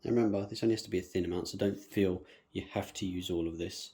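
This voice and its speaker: Talking fast in a low, warm voice with fairly even intonation, this man demonstrates bonsai planting for viewers. He chats casually the whole time and hums little nonsense syllables as he works.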